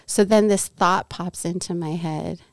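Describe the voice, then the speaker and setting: A middle-aged woman from Southern California tells a personal faith story with an animated delivery, acting out the lines of the people in it. Her voice is smooth and clear, and the room sounds dry and close. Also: on the low side, unhurried, no room sound. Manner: animated storyteller, acts out quoted dialogue. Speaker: podcast guest.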